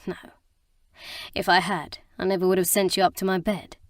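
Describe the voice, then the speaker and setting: A woman voicing a gruff, brooding male romantic hero in an audiobook, speaking low and soft. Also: flat delivery, normal speed, no echo, clean studio sound, close to an everyday voice. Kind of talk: audiobook character reading.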